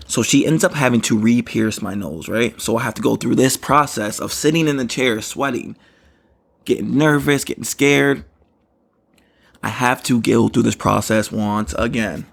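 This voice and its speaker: A man's voice: medium pitch, moderate pace, vocal fry. A man hosting a podcast, telling a story in a rambling casual way and often saying "you know what I mean". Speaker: podcast host.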